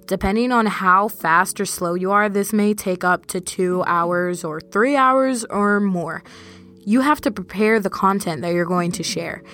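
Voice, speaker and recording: A young woman hosting her own podcast, talking casually and directly to her listeners in a relaxed, chatty monologue. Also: medium pitch, unhurried. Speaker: podcast host.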